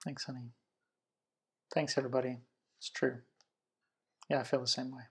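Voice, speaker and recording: A man, a podcast host and children's pastor, giving a gentle, quiet, sincere sign-off at the end of his show. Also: medium pitch, little pitch movement, moderate pace, breathy edge. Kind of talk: podcast outro. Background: music.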